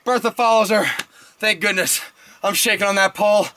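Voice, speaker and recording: Young man, comic campfire storyteller, high bouncy voice, jokey banter, outdoor camp, noisy recording. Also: fast talker. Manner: animated, jokey, bantering with the audience.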